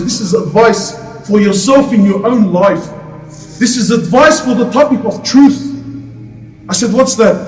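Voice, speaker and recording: A man preaching an Islamic lecture to a crowd, passionate and full of rhetorical questions. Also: very high-pitched. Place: lecture hall. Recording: echoey hall, distant mic.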